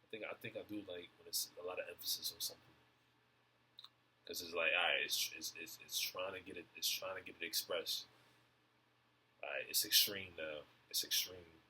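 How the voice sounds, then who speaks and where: A young man in a rambling stream-of-consciousness monologue, halting and repeating words as he muses over word definitions. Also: low voice, fairly even intonation, pushed and bright, slight background noise. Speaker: vlogger.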